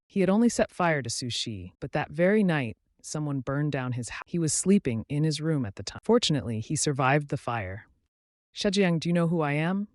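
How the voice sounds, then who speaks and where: A man's voice: a little high, dry recording. Man narrating a story, dry close mic.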